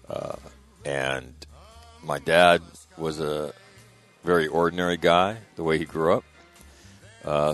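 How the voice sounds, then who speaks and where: Middle-aged male guest with a deep, low register; chatty, meandering anecdotes, lots of "uh" and restarts. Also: fairly bright tone. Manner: rambling, conversational, frequent fillers and restarts. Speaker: guest recalling his father. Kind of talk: casual spoken storytelling.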